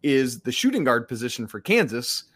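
A man co-hosts a casual sports podcast, running through records and scores in a lively, easygoing way. His voice sits at a medium pitch for a man. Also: normal speed, husky. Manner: lively, laughs between stats. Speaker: podcast co-host. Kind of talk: casual sports analysis chat.

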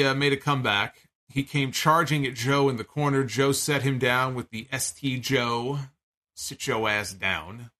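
A man casually recapping a wrestling match, animated and a bit profane, with fillers and restarts. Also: medium pitch. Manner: animated, profane, incredulous storytelling. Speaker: wrestling show reviewer.

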